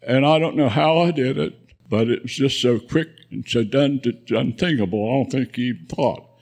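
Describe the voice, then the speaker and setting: A man's voice: medium pitch, moderate pace, creaky, darkish tone. A man in his nineties, a veteran guest, telling rambling war memories with frequent chuckles at a live event. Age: 90s. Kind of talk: spoken war memoir.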